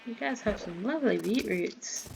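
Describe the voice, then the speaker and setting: A woman's voice: mid-range voice, lively intonation, moderate pace, vocal fry, background noise. A woman from the American South chatting in a rambling way while playing a game, easily startled. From Southern United States. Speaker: gamer. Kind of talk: casual Minecraft commentary.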